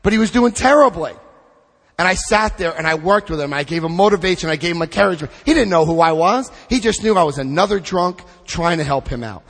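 A man's voice: sits high, expressive, a bit bright. Impassioned man speaking in an echoing hall. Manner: emphatic, drawn-out stresses, asks the room questions. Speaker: recovery speaker leading a big book study. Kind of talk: impassioned recovery talk to a group.

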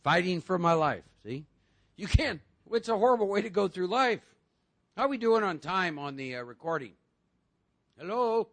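A man with a high, gravelly voice talks to a recovery group in a lively, joking way. He acts out other voices and pulls the room along with questions. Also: normal speed. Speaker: recovery meeting speaker.

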